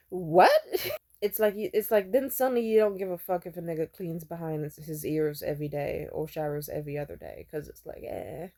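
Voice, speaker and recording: A woman's voice: low voice, normal speed, warm tone. A young woman telling candid stories in a vlog, frank and profane, and she slips into mocking voices to quote people. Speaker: vlogger. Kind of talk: candid storytelling monologue.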